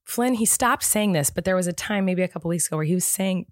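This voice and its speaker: A woman co-hosting a casual chat, telling stories in a chatty, animated way. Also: fairly low pitch, fast talker, no room sound, studio quality. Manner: chatty, animated storytelling with many "like"s. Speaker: podcast co-host.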